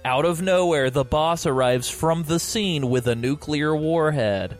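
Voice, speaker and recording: A man's voice: a little high, measured pace, hardly any pauses, faint music behind. A man hosting a podcast who reads a fan story aloud with mocking, exaggerated emphasis. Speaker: podcast host. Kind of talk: comedic dramatic reading.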